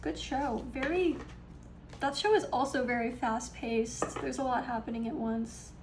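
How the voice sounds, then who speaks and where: A young woman doing a casual, upbeat tarot card reading, chatty and full of ums and small laughs, with some vocal fry. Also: a little high, a little slow, a little hiss or hum, rough recording. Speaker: tarot reader.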